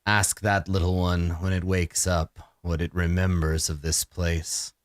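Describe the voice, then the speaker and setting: A man voicing a grave, deep ancient vampire. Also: level tone, dry recording, clean studio sound. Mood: grim. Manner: grave, slow and brooding. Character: weary, bitter ancient male vampire.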